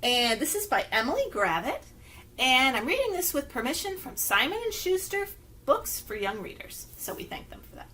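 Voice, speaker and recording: Bright, animated children's librarian woman. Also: sits high. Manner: animated, sing-song, speaks slowly to young children. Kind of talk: children's story time with rhymes and finger plays. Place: at home.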